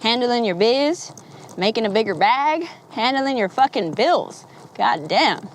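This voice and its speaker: A woman's voice: a little high, lively intonation, a little slow, slight background noise. A young woman vlogging straight to camera, talking candidly and rambling, swearing freely and laughing often. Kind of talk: candid casual talk to camera.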